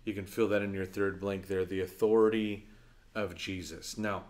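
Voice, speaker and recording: A man preaching a sermon as pastor, conversational and earnest, telling stories and dropping to a soft, low voice for his key points. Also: little pitch movement, moderate pace.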